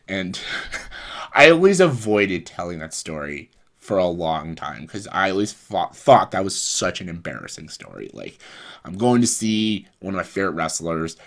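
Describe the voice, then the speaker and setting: In a low-pitched voice with a fairly bright tone, this young vlogger tells a meandering personal story in a casual way. He keeps stopping to restart or correct himself and fills the gaps with filler words.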